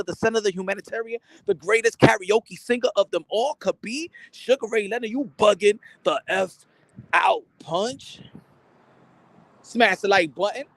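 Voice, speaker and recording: A man with a high voice rants in comic disbelief, swearing and repeating his points over and over. The sound is dry and close, with no room around it. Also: vocal fry, no echo. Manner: incredulous, profane, repeats himself for effect. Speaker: boxing content creator. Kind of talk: comic rant to camera.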